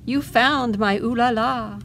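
A woman voicing a fussy, high-strung mother poodle in a read-aloud picture book, speaking in a shrill, fretful way. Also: steady tone, takes it slowly, gravelly, a little hiss or hum, exaggerated voice. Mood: relieved. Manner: shrill, fretful, French-flavored words.

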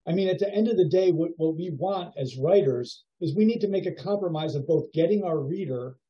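A man teaching a writing workshop over a video call, giving feedback in a musing, halting way with many fillers. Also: on the high side. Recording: dull lo-fi video call audio.

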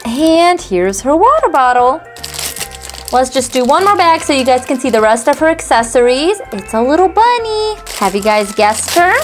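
A woman's voice: sits high, sing-song, moderate pace, soft background music. A woman hosting a toy unboxing video, cheerfully talking straight to the viewers. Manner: cheerful, addresses viewers directly. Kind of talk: casual unboxing narration.

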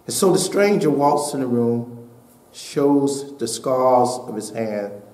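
A man's voice: mid-range voice, animated, slow. Echoey preaching pastor, a man. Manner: preaching with rising, shouted climaxes and hushed storytelling. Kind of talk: sermon. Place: church sanctuary.

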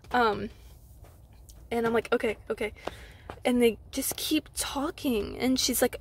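Animated young woman telling a story. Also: on the high side, moderate pace, slight background noise. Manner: animated retelling with frequent "like" fillers, acting out others' lines. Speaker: vlogger. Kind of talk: storytime vlog. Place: inside a parked car.

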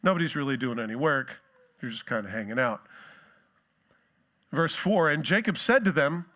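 A male pastor preaching a sermon in a relaxed, conversational way with joking asides. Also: medium pitch, normal speed, pauses often.

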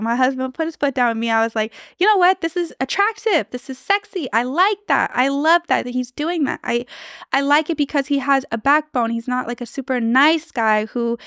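A young woman host gives relationship advice in a chatty, earnest way, leaning on fillers and acting out little quoted exchanges. Her voice sits a bit high and sounds smooth and clear. The recording is dry and close, with no room sound. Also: no echo. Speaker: relationship coach and podcast host. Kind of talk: casual advice monologue.

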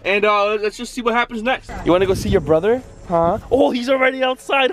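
A man's voice: high-pitched, brisk, hardly any pauses, a bit bright. A young man chatting casually to a handheld camera, rambling and cheering on his dogs, in a car and outdoors. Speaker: vlogger. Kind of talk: casual vlog talk to camera.

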